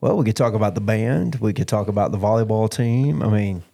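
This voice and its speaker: Podcast co-host, man, lower voice, relaxed and brief. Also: fairly quick, creaky. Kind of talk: casual chat.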